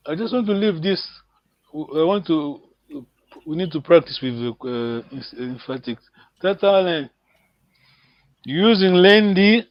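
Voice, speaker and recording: Guy teaching a language class online, high voice, muffled call sound, keeps encouraging folks. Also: dry recording. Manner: patient, encouraging, repeats and prompts students.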